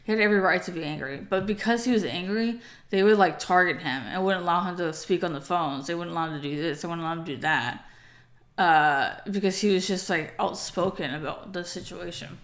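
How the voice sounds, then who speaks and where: A woman's voice: on the low side, brisk. A young woman casually recounting a story in a rambling way, with lots of fillers and restarts, sounding tired.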